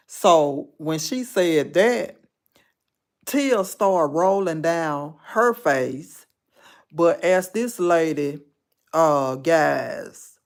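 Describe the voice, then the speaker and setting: Slow gravelly woman telling a story. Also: low voice. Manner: emphatic, repeats phrases for weight. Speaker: live-stream host. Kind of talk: casual storytelling to viewers.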